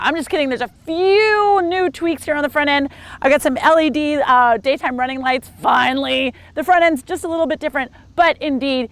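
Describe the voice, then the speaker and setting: A woman's voice: high voice, fairly quick, no echo. A woman hosting a car review, talking casually and playfully from inside the car. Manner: chatty, playful, upbeat.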